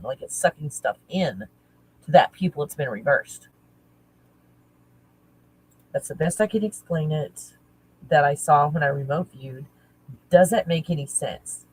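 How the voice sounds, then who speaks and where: A woman talking casually as a spiritual teacher, halting and searching, correcting herself often. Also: low voice, breathy edge, rough recording. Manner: halting, searching, self-correcting with nervous laughs. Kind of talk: casual channeling talk.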